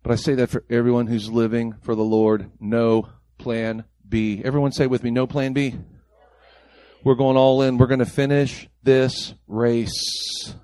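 A man's voice: mid-range voice, a little mellow, no room sound. A man preaching a sermon as pastor, mimicking the people he quotes in mocking voices.

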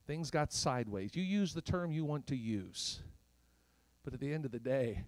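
A male pastor preaching a sermon in an emphatic, rhetorical way. He swings from loud questions to hushed whispers and adds playful asides with chuckles. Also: medium pitch, expressive, normal speed, no room sound.

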